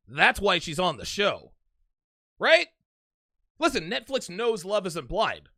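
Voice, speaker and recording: A man's voice: high-pitched, vocal fry, pushed and bright, no echo. A man doing mocking reaction commentary, emphatic and sarcastic, on a close microphone. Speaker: commentary host.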